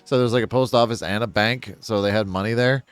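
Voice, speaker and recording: Man in a laid-back book vlog, smooth voice, meandering delivery, dry close-up sound. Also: on the low side, quick pace, no echo. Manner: rambling, chuckling, self-deprecating asides. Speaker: book reviewer. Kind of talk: casual book synopsis vlog.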